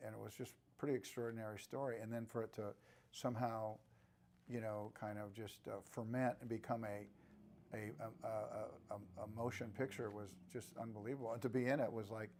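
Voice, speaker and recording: A man in his sixties, an actor, answering interview questions in a relaxed, reflective way with frequent restarts. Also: lowish voice. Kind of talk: press junket interview.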